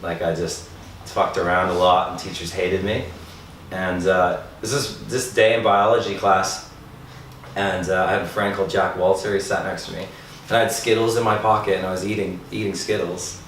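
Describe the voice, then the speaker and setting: A man's voice: low-pitched, moderate pace. A man in a band telling stories with lots of swearing in a casual interview. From Isle of Man. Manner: swearing, animated storyteller. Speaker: band member. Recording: echoey room, voice from mic distance, faint noise.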